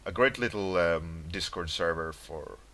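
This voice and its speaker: Deep-voiced and unhurried, with a slightly bright quality, this man is a livestreaming artist in relaxed stream chat. He rambles about dreams, laughs frequently, and reads viewers' names aloud from chat to say hello.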